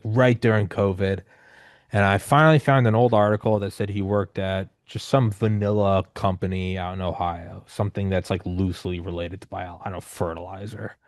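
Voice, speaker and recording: A man in his thirties hosting a podcast, telling stories in a loose, rambling, animated way with casual swearing. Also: low voice, no echo, clean studio sound. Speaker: podcast host. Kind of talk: casual conversational storytelling.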